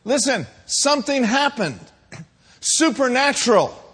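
Fired up preacher man, high husky voice, gets loud and emphatic. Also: very animated, a little slow. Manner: fervent, emphatic, building to shouted climaxes. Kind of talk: sermon.

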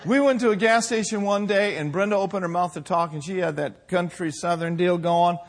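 A man in his sixties preaching a sermon, telling folksy personal stories with humor and lively emphasis. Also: sits high, a little fast. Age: 60s. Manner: folksy storytelling, animated with laughs. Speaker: pastor.

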